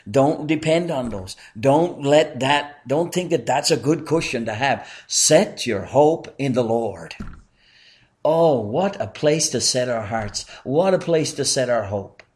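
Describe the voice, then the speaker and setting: A male pastor preaching a sermon in an earnest way, swinging from emphatic lines to hushed, slow ones. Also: medium pitch, lively intonation.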